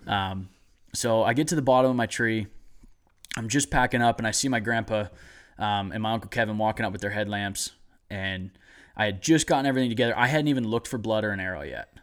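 A young man telling a hunting story in a casual chat, excited and rambling with lots of "like". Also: fairly low pitch, quick pace, clear, resonant tone.

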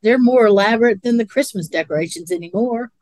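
A woman's voice: a little high, fast, darkish tone, no room sound. A woman co-hosting a podcast in casual chat, rambling and laughing a lot. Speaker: podcast co-host.

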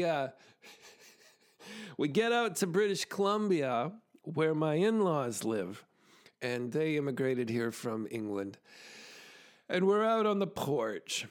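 Man, fairly high voice, chatty storyteller, laughs a lot, podcast monologue. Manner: chatty, laughs often, restarts mid-sentence. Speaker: podcast host, arts in education specialist.

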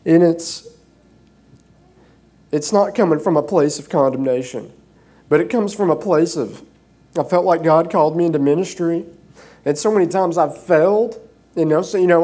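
A man preaching an informal sermon from a church stage, emotional and earnest, often pausing with fillers. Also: on the high side, a little mellow. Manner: earnest, halting with frequent fillers.

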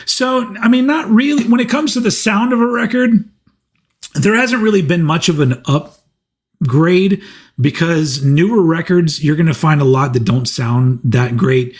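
Rambling, swearing man, slightly high voice. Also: a little slow. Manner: rambling, profane, storytelling with restarts. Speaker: channel host. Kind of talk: casual livestream Q&A.

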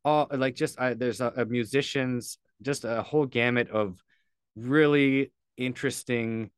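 A man's voice: medium pitch, fairly even intonation, measured pace, smooth, no echo, clean studio sound. A man, a podcast guest, telling a story candidly and earnestly, loosely and with casual swearing.

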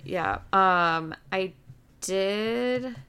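A woman co-hosting a casual book discussion, polite and unhurried, asking questions about the story. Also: medium pitch, pushed and bright, smooth. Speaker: book podcast co-host.

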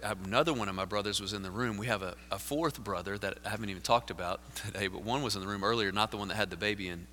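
A man, a pastor preaching a sermon in a church, moving from earnest storytelling to forceful preaching. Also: on the low side. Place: church sanctuary. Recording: live sermon in a reverberant sanctuary.

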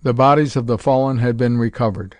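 A man reading a science fiction audiobook in measured, even storytelling narration. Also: medium pitch, dry recording. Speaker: audiobook reader. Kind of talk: scripted narration.

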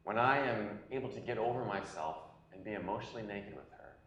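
A man in his forties preaching a sermon as a pastor, telling personal stories earnestly, at times loud and at times hushed. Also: lowish voice, brisk, highs cut off, slight background noise. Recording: echoey room.

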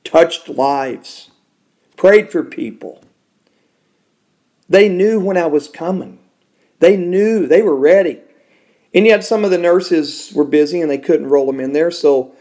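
A man who hosts a Christian podcast tells an emotional personal testimony in a studio. His voice moves from loud and high down to soft and hushed.

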